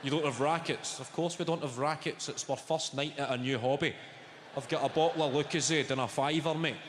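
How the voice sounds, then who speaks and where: A man's voice: a little high, steady tone, brisk, a little hiss or hum. A middle-aged Scottish man doing a stand-up comedy set, sweary and punchy, bantering with the crowd. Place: large theatre stage. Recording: echoey live theatre with long reverb. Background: loud audience laughter.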